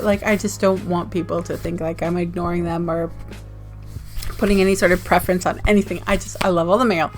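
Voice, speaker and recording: A woman's voice: mid-range voice, a little mellow. Rambling, giggly American woman. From United States. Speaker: zine vlogger. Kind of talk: casual vlog chat.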